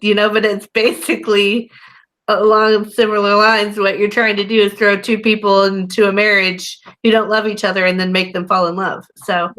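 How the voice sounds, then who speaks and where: A woman's voice: medium pitch, little pitch movement, moderate pace, a bit bright, poor audio. A woman co-host explaining ideas in a casual, rambling way with lots of fillers. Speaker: podcast co-host. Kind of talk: casual chat.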